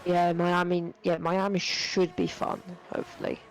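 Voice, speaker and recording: A man's voice: high voice, steady tone, measured pace, darkish tone, low-quality recording. A young man giving live sim racing commentary, rambling with lots of fillers and self-corrections. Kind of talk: live esports race commentary.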